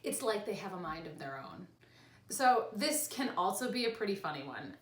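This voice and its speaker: A young woman chatting casually in a vlog from her home, animated and quick to laugh. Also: mid-range voice, far from the mic, loud music behind the voice. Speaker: vlogger. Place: home room with cats. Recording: echoey room with faint ambience.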